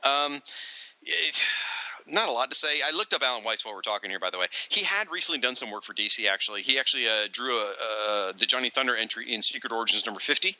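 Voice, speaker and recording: A man co-hosting a casual comics podcast, chatty and animated. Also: mid-range voice, fast, no room sound, low-quality recording. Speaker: podcast co-host.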